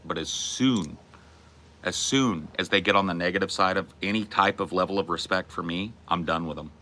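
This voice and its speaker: A man's voice: low-pitched, bright, forceful tone. A man hosting a casual chat with viewers, talking in a blunt, profane and emphatic way. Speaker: streamer host.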